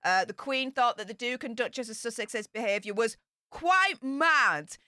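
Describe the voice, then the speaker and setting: Bright, chatty woman. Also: on the high side, lively intonation, normal speed, no echo, clean studio sound. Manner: chatty and emphatic, with asides. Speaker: royal news commentator. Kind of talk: casual commentary reading news points.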